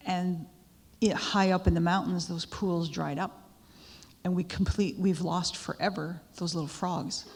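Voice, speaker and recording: A woman's voice: on the low side, fairly even intonation, a little slow, a little mellow, husky. A woman giving a talk to a live audience, telling stories in a conversational way with asides to the listeners. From Canada. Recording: echoey hall with long reverb.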